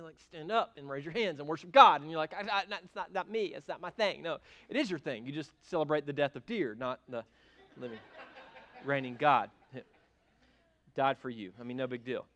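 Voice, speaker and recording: A middle-aged man preaching a sermon as pastor in a church, animated and emphatic, with sudden loud bursts. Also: fairly high pitch, a little fast. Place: church sanctuary.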